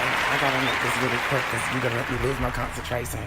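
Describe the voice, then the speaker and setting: A man hosting a solo podcast from home, talking in an excitable, scattered and heated way. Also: medium pitch, normal speed, a loud crowd, heavy background noise. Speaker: podcast host. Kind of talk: rambling solo podcast monologue.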